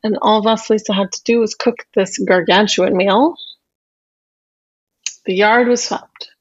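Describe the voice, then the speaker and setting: Lady telling a fairy tale, playful and expressive, kinda muffled sound. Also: mid-range voice, unhurried, slightly rough. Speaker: storyteller. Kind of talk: animated folk-tale telling.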